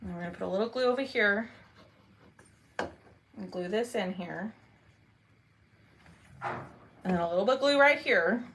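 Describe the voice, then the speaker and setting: A woman's voice: medium pitch, brisk, noisy background. A woman hosting a casual crafting livestream, chatting and greeting viewers by name.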